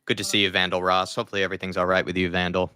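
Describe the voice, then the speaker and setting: A man co-hosting a football fan watchalong, reacting to the match and reading out chat with sardonic, animated complaining. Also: low-pitched, very fast, clear, resonant tone.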